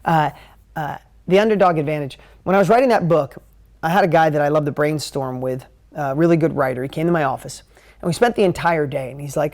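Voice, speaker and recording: A man teaching a live motivational talk at a whiteboard, energetic, emotional and conversational. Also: fairly high pitch, brisk. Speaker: motivational business coach.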